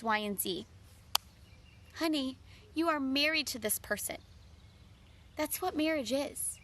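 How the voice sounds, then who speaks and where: A woman with a high, bright voice gives earnest relationship advice in a casual talk straight to camera. She calls her listeners friends and slips into playful voices for her own quoted lines.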